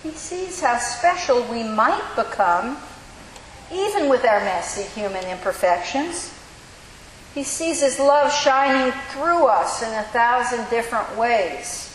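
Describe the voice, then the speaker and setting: Lady pastor giving a sermon, kinda high voice, slow thoughtful pauses, roomy hall echo with a bit of hiss. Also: expressive. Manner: measured, reflective preaching with slow emphatic pauses. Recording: echoey hall with faint hiss.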